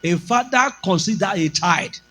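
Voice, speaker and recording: A man's voice: high voice, expressive, moderate pace, bright, forceful tone, slight background noise, poor audio. A male pastor with a Nigerian accent, preaching a sermon with emphatic delivery and slipping into Pidgin.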